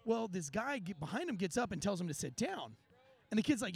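A man hosting a podcast in casual chat, an animated storyteller who swears freely. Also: sits high, a little fast, vocal fry, slightly rough. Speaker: podcast host.

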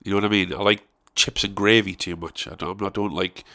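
A man's voice: sits low, fairly even intonation, a little fast, creaky, pushed and bright. A man hosting a podcast, rambling and swearing as he laughs through casual chat. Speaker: podcast host.

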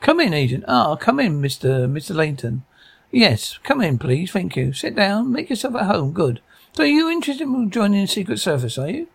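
An actor playing a brisk, absent-minded male spy chief in a TV sketch comedy. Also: high voice, very animated, vocal fry, slightly rough, heavily acted.

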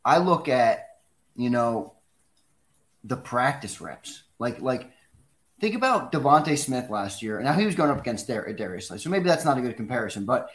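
A man's voice: mid-range voice, big pitch swings, normal speed, fairly bright tone. A man co-hosting a sports talk show, speaking conversationally and putting long questions to his guests. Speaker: fill-in sports radio co-host.

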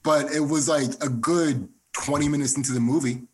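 Man, comedian guest, lively storytelling, slightly higher voice, casual podcast chat. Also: normal speed. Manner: animated storyteller who acts out quoted lines.

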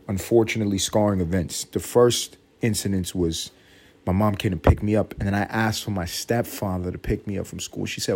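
Rambling profane podcast man. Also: a little mellow. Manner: profane, rambling, breaks into high-pitched mock voices. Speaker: podcast host. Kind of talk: solo comedic podcast monologue.

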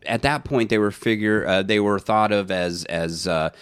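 A man's voice: on the low side, normal speed, clear, resonant tone, dry recording, studio quality. A man co-hosting a podcast in casual chat, rambling and searching for names with lots of fillers. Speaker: podcast co-host.

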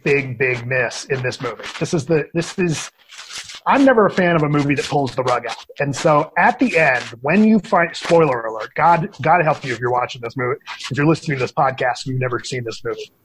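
A man on a podcast as a guest critic, talking casually and opinionated in animated rants. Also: fairly high pitch, normal speed, slight background noise.

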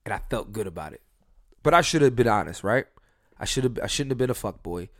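Animated profane man telling dating stories. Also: on the low side, fast talker, no room sound, clean studio sound. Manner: animated, profane, swings loud and soft. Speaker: podcast host. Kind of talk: casual storytelling chat.

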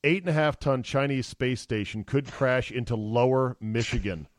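A man's voice: medium pitch, moderate pace, dry recording, clean studio sound. A man hosting a podcast, riffing and joking in casual radio banter. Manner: animated, jokey, riffing. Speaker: podcast host.

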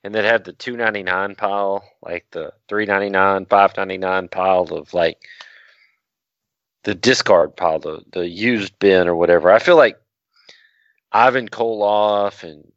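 A man's voice: sits low, fairly bright tone, no room sound, muffled recording. A man co-hosting a casual podcast, joking and swearing. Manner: joking, profane. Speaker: podcast co-host.

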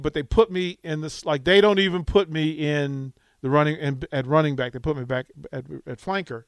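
Excitable male sports radio host. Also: fairly high pitch, normal speed, clear, resonant tone, no echo. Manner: animated, excitable storyteller. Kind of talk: casual storytelling chat. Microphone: studio microphone.

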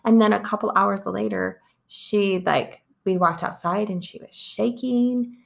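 A woman's voice: mid-range voice, fairly even intonation, a little slow, vocal fry. A woman co-hosting a podcast in casual chat, rambling along with lots of "like". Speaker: podcast co-host.

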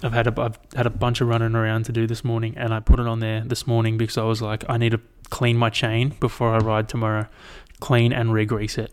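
A man's voice: medium pitch, clear, resonant tone. A young Australian man chatting alone into a mic, rambling and swearing freely as he retells his week. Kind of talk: casual solo chat.

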